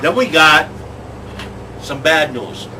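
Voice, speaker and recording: A man hosting a comic sports show, talking in excitable rants. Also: a little high, takes it slowly. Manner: excitable, ranting. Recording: distant mic with clear background noise.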